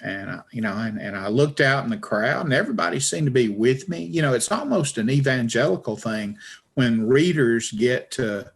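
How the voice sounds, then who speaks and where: A man's voice: medium pitch, husky. A man with a Southern Appalachian foothills accent, telling wry, folksy stories as an interview guest. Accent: Southern US, Alabama Appalachian foothills. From Alabama, American South. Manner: folksy, wry storyteller who acts out quoted voices. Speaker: author and journalist, interview guest. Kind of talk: relaxed storytelling in an interview.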